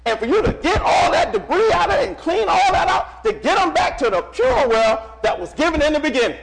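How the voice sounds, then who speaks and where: Man preaching in church, high voice that swoops all over, keeps cutting in and repeating lines. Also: brisk, gravelly, loud music behind the voice, poor audio. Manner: animated, calls on congregation, repeats phrases. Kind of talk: sermon.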